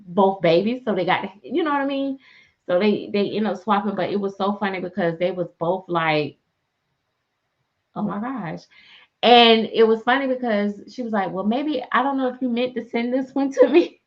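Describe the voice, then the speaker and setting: Chatty lo-fi woman storyteller, low-voiced. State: sleepy. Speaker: reborn doll artist and live streamer. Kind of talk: casual live-stream chat. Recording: dull lo-fi live-stream audio.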